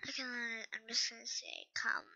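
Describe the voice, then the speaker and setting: A woman chats her way through an online game in an unhurried, rambling, hesitant manner, often stopping to apologise. Her voice sits a little high and sounds very bright and clean. The lo-fi computer mic dulls it slightly. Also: flat delivery, slight background noise. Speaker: gaming channel host. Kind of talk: casual gameplay commentary.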